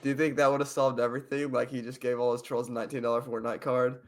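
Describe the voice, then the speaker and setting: Young man co-host, middle pitch, casual host-like recaps, laughs a lot. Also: flat delivery, fast talker. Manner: steers the talk, recaps, laughs often. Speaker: podcast co-host. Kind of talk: casual chat.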